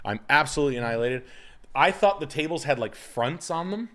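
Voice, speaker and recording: A man's voice: on the high side, fairly quick. A man in his thirties, a guest on a comedy podcast, telling crude stories in casual chat. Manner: crude, storytelling, animated.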